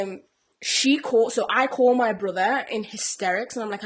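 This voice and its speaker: A young woman, co-hosting a casual podcast chat and retelling a TV plot with animated energy. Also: mid-range voice, normal speed, a little hiss or hum. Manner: animated storyteller who acts out characters' lines. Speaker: podcast co-host.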